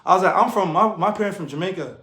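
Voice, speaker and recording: High, animated New man in an echoey room. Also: fast. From New York. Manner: animated, laughs often, slangy. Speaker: fitness coach and streamer. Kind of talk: casual motivational talk.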